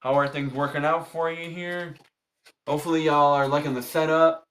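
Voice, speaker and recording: A man's voice: on the high side, flat delivery, normal speed, fairly bright tone. A man hosting a tarot livestream, chatting casually with viewers and repeating firm, polite instructions to his chat. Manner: polite but strict.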